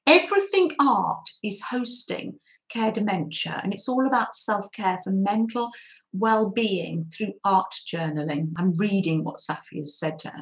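Older woman, craft live-stream host; soft, slow, chatty, echoey room. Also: medium pitch, animated. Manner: soft, chatty, often laughing and apologising. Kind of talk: gentle live-stream chat with viewers.

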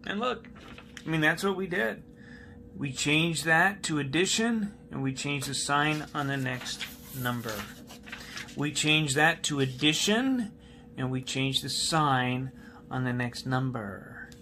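A man's voice: fairly high pitch, takes it slowly, sharp tone, a little hiss or hum. A male math teacher giving a recorded classroom lesson, patiently repeating key steps and asking students questions while he writes on a board.

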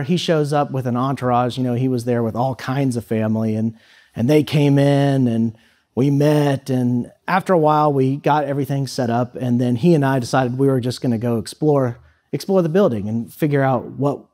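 A man's voice: medium pitch, a little mellow. A man in his thirties giving a talk to students, telling a personal story in a loose, conversational way with many fillers. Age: 30s. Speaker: guest speaker at a high school. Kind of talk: storytelling speech.

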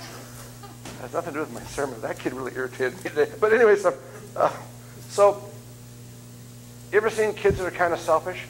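A middle-aged man delivers a sermon in a church, his voice swinging widely up and down as he jokes with the congregation. His pitch sits a little high, and he breaks into loud put-on voices now and then. A faint hum runs underneath. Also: low-quality recording. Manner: joking, animated, acts out voices and screams. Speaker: guest preacher. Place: church sanctuary.

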